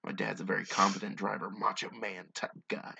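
A man's voice: deep voice, level tone, brisk, vocal fry, pushed and bright, slightly rough, dry recording. A man hosting a podcast, reading stories aloud and breaking off for sarcastic, wisecracking asides. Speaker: podcast host.

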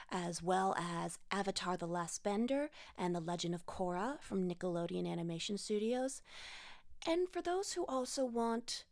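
A woman's voice: medium pitch, gravelly, dry recording, clean studio sound. A woman hosting a solo book podcast, chatting casually with wry, self-mocking asides. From United States. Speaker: podcast host reviewing books.

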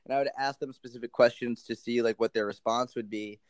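A man speaking as a podcast guest on nutrition, animated and rambling with many restarts. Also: mid-range voice, a little fast, no echo. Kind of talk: casual interview chat.

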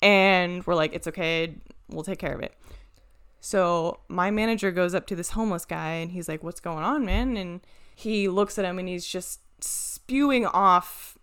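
A woman's voice: lowish voice, measured pace, hardly any pauses, a bit bright, clear, resonant tone. A young woman in casual podcast chat, telling a long story animatedly, swearing freely and acting out the people she quotes.

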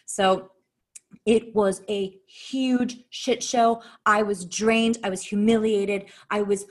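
A woman telling a personal story in casual talk, blunt and profane, her voice jumping sharply in pitch. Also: takes it slowly. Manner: animated, with sharp jumps in pitch.

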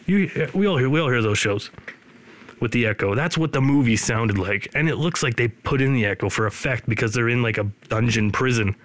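A man's voice: mid-range voice, moderate pace, no room sound. A man in his thirties or older hosting a podcast, rambling casually with sarcastic, joking asides. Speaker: podcast host. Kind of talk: casual chat.

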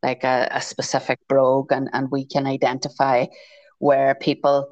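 A woman from Ireland with a Tyrone accent, talking as a guest on a call interview, gentle and quick to laugh. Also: very deep voice, monotone, no room sound, muffled recording. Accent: Irish, Tyrone. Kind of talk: casual conversation.

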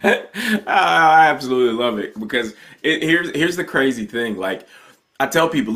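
A man's voice: mid-range voice, big pitch swings, normal speed, pushed and bright. A man hosting a podcast conversation, enthusiastic and emphatic with a folksy way of talking.

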